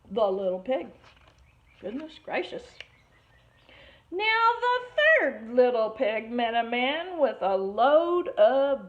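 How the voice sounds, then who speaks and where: Expressively reading a picture book to children, a woman teacher with a high voice stops to explain words along the way. The recording sounds muffled and lo-fi.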